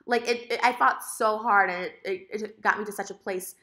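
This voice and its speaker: A woman's voice: mid-range voice, fairly even intonation, moderate pace, sharp tone. A woman vlogger telling a breakup story to camera in a rambling, emotional way, full of filler words. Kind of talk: casual storytime rant to camera.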